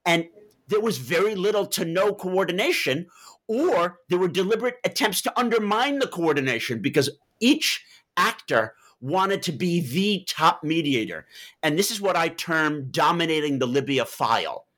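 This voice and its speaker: A man interviewed as an author, explaining at length and telling lively anecdotes in a digressive way. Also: on the high side, normal speed.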